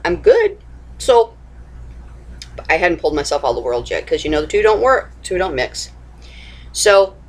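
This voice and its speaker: A woman's voice: fairly low pitch, slightly rough. A woman speaking informally to camera, giving a religious exhortation with rhetorical questions, repeated phrases and frequent restarts. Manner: restarts and stumbles while searching for words. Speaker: Christian video teacher.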